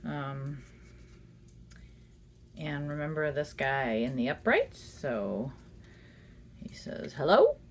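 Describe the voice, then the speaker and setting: A woman's voice: a bass voice, extremely slow, pauses often, a little hiss or hum. A woman giving a casual tarot reading at home, chatty and giggly, talking fondly to the cards. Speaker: tarot reader. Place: indoors at home.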